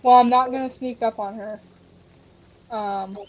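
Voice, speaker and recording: A woman's voice: a little high, steady tone, a little slow, low-quality recording. A woman playing in a tabletop game, asking the game master tentative questions about her options. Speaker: player. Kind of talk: casual tabletop play.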